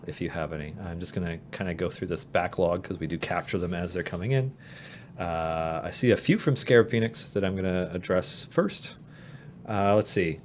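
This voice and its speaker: A man's voice: deep voice, a little hiss or hum. A man with a Canadian accent hosting a casual livestream, reading and answering chat questions with many fillers and restarts. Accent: Canadian English.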